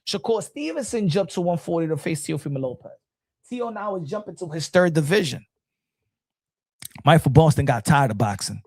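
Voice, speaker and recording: A man hosting a casual live boxing stream, reading chat comments and talking in an animated, excitable way with lots of slang and restarts. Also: a little high, moderate pace, no room sound, studio quality.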